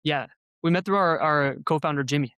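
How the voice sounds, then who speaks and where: A man's voice: on the high side, a little fast, pushed and bright, clear, resonant tone, no echo. A man from North Dakota, a podcast guest who talks in loose, rambling sentences. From North Dakota, USA. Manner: rambling, many fillers and restarts. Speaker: guest, co-founder and software engineer. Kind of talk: casual podcast conversation.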